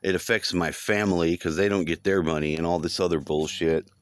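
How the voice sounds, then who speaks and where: A man's voice: deep voice, steady tone, a little fast, clear, resonant tone, dry recording, clean studio sound. A man telling a long dream in a rambling, casual monologue, swearing often and repeating himself. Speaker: vlogger recounting a dream.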